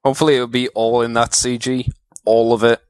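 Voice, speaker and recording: A man's voice: mid-range voice, flat delivery, brisk, clear, resonant tone, no room sound. A man from Britain co-hosting a casual podcast chat, joking and laughing often. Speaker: podcast co-host.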